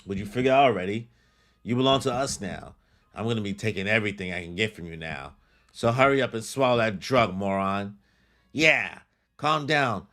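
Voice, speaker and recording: A man's voice: on the low side, lively intonation, moderate pace, fairly bright tone. A man reading out the lines of a sleazy male thug posing as a police officer, coaxing and menacing.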